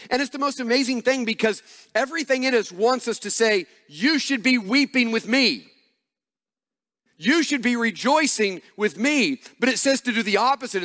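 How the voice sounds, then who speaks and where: A man's voice: high voice, a bit bright, big-room sound. A man preaching a sermon as pastor, earnest and repeating phrases for emphasis.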